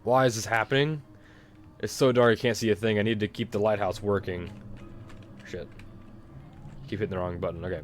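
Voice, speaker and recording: A man's voice: fairly low pitch, steady tone, moderate pace, long pauses, a little hiss or hum. A man casually commenting while playing a video game, muttering to himself. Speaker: game streamer. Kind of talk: let's-play commentary.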